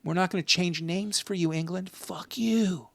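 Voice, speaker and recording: A man's voice: high-pitched, moderate pace, gravelly, a bit bright, dry recording. A man co-hosting a gaming podcast, chatting casually and ranting with lots of profanity. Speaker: podcast co-host. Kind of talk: casual chat.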